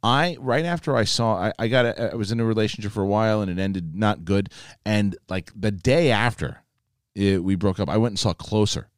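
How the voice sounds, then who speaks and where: On a casual live stream, a co-host reads out viewer messages and spins rambling stories with animated energy. He speaks briskly in a low-leaning voice, captured in a dry, clean studio recording.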